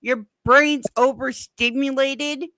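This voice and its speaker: A woman tells a rambling story on a live stream in a bright, close, dry voice. She speaks casually and swears now and then. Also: high-pitched, steady tone, slow pace, dry recording. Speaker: stream guest.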